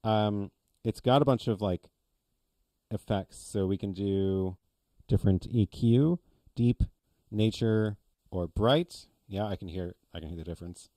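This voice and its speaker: A man with a lowish, mellow voice hosting a casual gear-testing livestream from a home studio. He thinks aloud with plenty of fillers, speaking close into a microphone, and the sound is dry. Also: unhurried, no room sound. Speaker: livestream host. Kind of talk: casual live gear demo. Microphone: close dynamic microphone.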